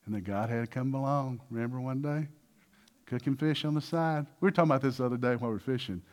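A man preaching a sermon with lots of energy, acting out little dialogues and swinging between loud bursts and hushed passages. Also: medium pitch, quick pace. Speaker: pastor.

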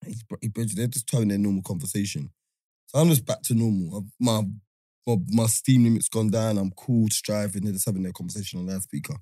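A man, telling a story in casual podcast chat, animated and full of laughter and slang. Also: lowish voice, brisk, no echo, studio quality. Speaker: podcast host.

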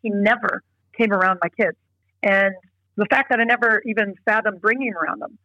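A woman's voice: mid-range voice, a little fast, bright, forceful tone, no echo, dull audio. A middle-aged woman speaking as an interview guest. She talks earnestly and emphatically, often restarting her sentences. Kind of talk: casual interview talk.

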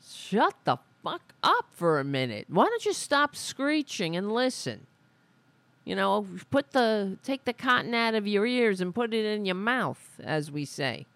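A woman's voice: medium pitch, sing-song, measured pace, a bit bright, dry recording. A woman hosting a podcast, ranting in exasperated, sarcastic, profane political commentary into a studio microphone. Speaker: podcast host.

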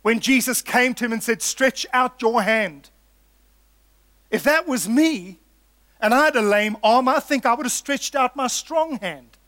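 A man's voice: very high voice, expressive, moderate pace, fairly bright tone, no echo. A man preaching a sermon in an earnest, emphatic way, building points through repetition and calling his listeners folks.

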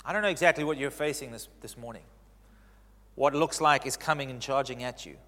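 A man preaching a sermon as pastor, stressing key phrases by repeating them and swinging between loud declarations and hushed lines. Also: medium pitch, brisk, big-room sound.

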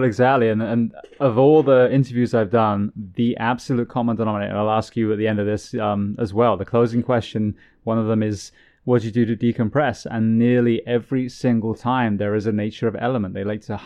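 A man's voice: fairly low pitch, a little mellow. A man hosting an interview podcast, asking questions in long, run-on sentences. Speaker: podcast host. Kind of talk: interview host.

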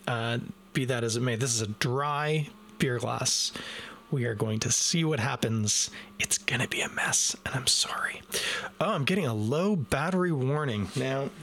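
A man's voice: mid-range voice, fairly bright tone, slight background noise. A man reviewing a beer live from his desk in a casual, self-deprecating way, talking straight to his viewers. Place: home desk. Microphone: desk microphone.

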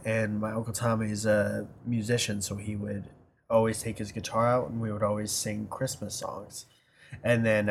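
A man's voice: fairly low pitch, a little hiss or hum. A man co-hosting a casual chat show, telling a long rambling family story with teasing asides and casual swearing. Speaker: podcast co-host.

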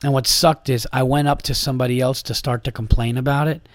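A man's voice: mid-range voice, fairly even intonation, quick pace, no echo, clean studio sound. A man hosting a podcast, delivering an exasperated, profane monologue in a casual ranting way. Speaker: podcast host and comedian.

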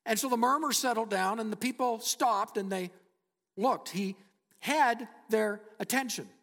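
A man preaching a sermon as he retells a story, emphatic, with dramatic pauses and sudden hushed drops. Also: sits high. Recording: long hall reverb.

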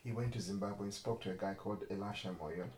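A man's voice: on the low side, fairly even intonation, quick pace, a little mellow. A man co-hosting a podcast in casual chat, rambling and correcting himself, laughing often. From Africa. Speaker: podcast co-host. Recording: roomy echo with faint ambience.

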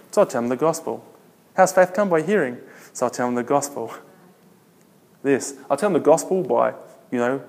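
A man's voice: a little high, darkish tone. Emphatic man preaching in a reverberant hall. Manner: emphatic, repetitive preaching with rhetorical questions. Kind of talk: sermon. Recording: long reverb of a large hall.

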